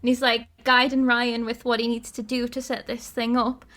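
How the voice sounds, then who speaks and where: A woman's voice: fairly high pitch, moderate pace. A woman podcast host, casually retelling a video game story with lots of laughter. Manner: animated storytelling, laughs often.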